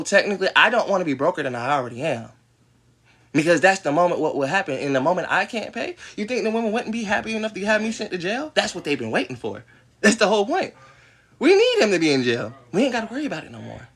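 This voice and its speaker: A man's voice: mid-range voice, a bit bright. A man in his twenties ranting to his livestream viewers, heated and defensive, swearing often and breaking into bitter laughs. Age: 20s. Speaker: livestream host. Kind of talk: ranting monologue to live viewers.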